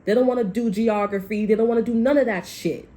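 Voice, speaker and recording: A woman's voice: a little high, fairly even intonation, fast, warm tone. Blunt, profane woman tarot reader. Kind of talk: casual tarot reading monologue.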